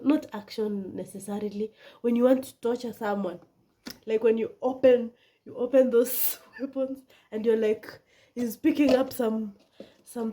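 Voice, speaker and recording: A woman tells a personal story to her viewers in a casual vlog. Her voice sits a little high but has a mellow, soft-edged tone. She talks dramatically and keeps sinking into hushed whispers. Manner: animated, dramatic, drops into whispers. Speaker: vlogger.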